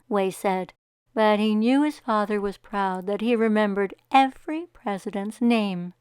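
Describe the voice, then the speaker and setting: A woman reading a children's picture book aloud, giving the characters voices and pausing to ask young listeners what will happen next. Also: medium pitch, darkish tone, smooth, no echo, clean studio sound.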